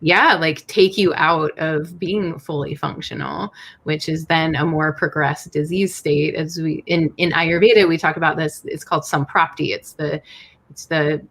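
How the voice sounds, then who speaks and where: A woman host leads a relaxed interview in a somewhat low voice. She asks open questions and affirms her guest with short, encouraging replies. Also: unhurried. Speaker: host, Ayurveda practitioner and yoga teacher. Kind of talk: casual interview talk.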